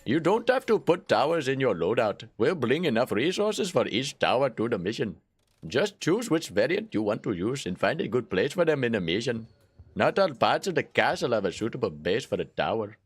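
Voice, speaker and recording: A man voicing a male tower-building craftsman in a deliberately clumsy put-on Indian accent, explaining things step by step. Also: mid-range voice, sing-song, slightly rough.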